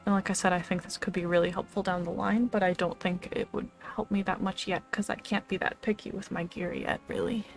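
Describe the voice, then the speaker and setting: A woman's voice: lowish voice, fairly even intonation, a little fast, creaky, few pauses, faint music behind. A woman streamer chatting casually as she plays a game and talks to her pet between moves. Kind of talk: casual gameplay commentary.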